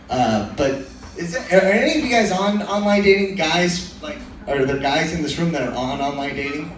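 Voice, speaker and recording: A man's voice: a little high, expressive, fairly quick. A young man doing a casual, profane, self-deprecating stand-up set in a small comedy room. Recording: very echoey room, voice from far off, faint noise.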